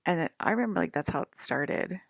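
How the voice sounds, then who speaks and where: A woman with a low, gravelly voice rambles on in a personal monologue, wandering from thought to thought with plenty of "um" and "like." The sound is dry and close, with no room around it. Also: animated, brisk, no echo. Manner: meandering, full of "um" and "like", soft-spoken. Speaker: vlogger.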